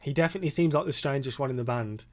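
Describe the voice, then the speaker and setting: A man's voice: mid-range voice, racing, darkish tone. A young British man with a British accent, hosting a reaction video in a chatty, slangy, think-aloud way. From Britain. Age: young adult. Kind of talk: casual reaction commentary.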